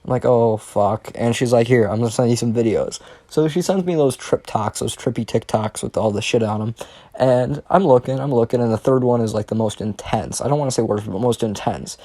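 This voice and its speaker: A man's voice: mid-range voice, fairly quick, dark tone, no echo. A young man telling a casual storytime monologue, rambling and profane, with frequent restarts. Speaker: storyteller vlogger.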